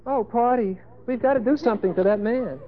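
A preacher putting on a simpering tearful wife. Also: male voice, a little fast, slight background noise. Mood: mock-tearful. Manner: whiny, mock-tearful, breathy falsetto. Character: simpering seductive woman, master's wife, falsely accusing. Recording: tinny phone-like lo-fi sermon tape.

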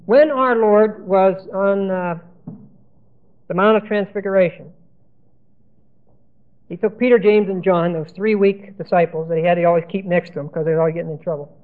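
A man's voice: high voice, fairly even intonation, moderate pace, pauses often. A man teaching a Bible lesson, spelling out Greek words letter by letter and repeating key terms. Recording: tinny phone-like lo-fi recording.

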